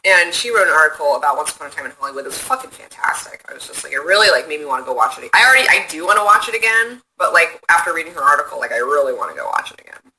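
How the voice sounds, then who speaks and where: A woman livestreaming from her phone, chatting casually and answering viewer comments in a profane, rambling, excitable way. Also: low-pitched, racing, slight background noise, low-quality recording.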